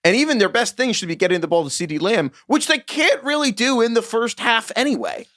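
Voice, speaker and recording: A man's voice: extremely high pitch, lively intonation, brisk, a bit bright, dry recording, studio quality. Joking man co-hosting a sports podcast. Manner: jokey, riffing, frequent restarts. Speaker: podcast co-host. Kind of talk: casual sports podcast chat.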